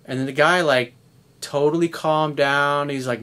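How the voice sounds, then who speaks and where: A man's voice: fairly high pitch, unhurried, a bit bright. Blunt, plainspoken man in his fifties. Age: 50s. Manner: blunt, conversational, swears casually. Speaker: dating coach. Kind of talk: video coaching monologue.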